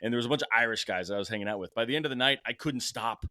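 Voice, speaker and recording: A chatty man hosts a podcast, keeping the conversation going with enthusiasm and easy laughter. His voice is at a middle pitch for a man, and it is recorded close and dry with no room sound. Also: racing, pushed and bright, no echo. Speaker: podcast host. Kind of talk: casual interview chat.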